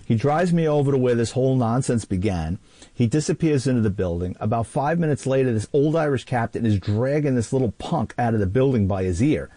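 A man who served as a police officer, telling an animated anecdote and acting out voices in the quotes. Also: mid-range voice, fairly quick, dry recording. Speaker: retired police officer and author. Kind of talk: storytelling anecdote.

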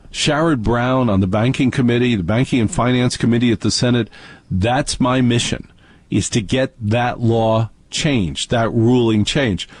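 With no room sound behind him, a medium-pitched male host fields calls on his radio show and rants with indignant sarcasm.

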